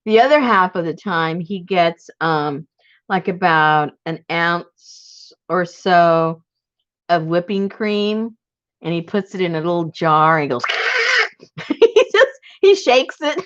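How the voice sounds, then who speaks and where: A woman's voice: takes it slowly, fairly bright tone, no echo. A woman chatting casually and laughing often as she rambles through a story, recorded on a video call. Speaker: workshop presenter. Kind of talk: casual chat. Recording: dull, dry low-fi sound.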